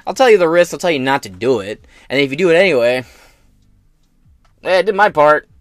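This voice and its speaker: A man's voice: a little high, lively intonation, brisk, dry recording. A man hosting a podcast who rants brashly and sarcastically with constant swearing. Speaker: podcast host. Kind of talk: crude political rant.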